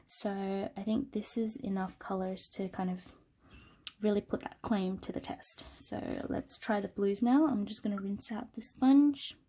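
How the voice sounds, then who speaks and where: A woman with a cold gives a casual, unscripted product review into a smartphone. Her voice is nasal and her tone is warm and mellow. She talks through her work loosely, with frequent ums and pauses. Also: mid-range voice. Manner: relaxed, thinking aloud with many ums while working. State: sick with a cold. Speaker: art channel host.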